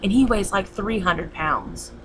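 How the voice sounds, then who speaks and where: A woman's voice: medium pitch, very animated, a little slow, noisy background. A young woman telling a long story in a casual vlog, rambling and repeating herself with many fillers. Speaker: vlogger.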